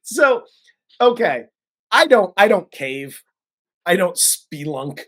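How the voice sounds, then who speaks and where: A host recapping and reviewing a horror film in casual chat, profane and animated. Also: medium pitch, slow. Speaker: podcast host.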